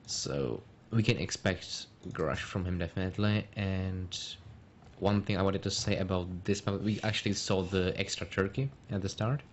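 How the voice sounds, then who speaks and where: A man giving measured, explanatory play-by-play on a strategy game match. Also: low voice, steady tone. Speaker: game caster. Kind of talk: casual esports commentary. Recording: lo-fi stream audio with faint noise.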